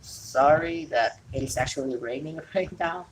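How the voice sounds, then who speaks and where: A woman's voice: deep voice, unhurried, slight background noise, poor audio. A woman from Indonesia, an English speaker, hosting a casual solo wrestling talk show from home and rambling with frequent self-corrections. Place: home during rain.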